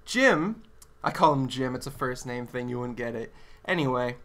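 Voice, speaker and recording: A man's voice: mid-range voice, moderate pace, fairly bright tone. A man co-hosting a casual comedy podcast, teasing his co-host with sarcastic, profane banter. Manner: sarcastic, teasing, swears freely.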